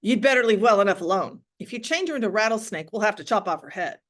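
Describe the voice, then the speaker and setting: A woman's voice: mid-range voice, animated, fast, lightly acted. A woman reading aloud, voicing a fretful, exclamatory fairy-tale king. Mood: fussy. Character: fussy fretting male fairy-tale king.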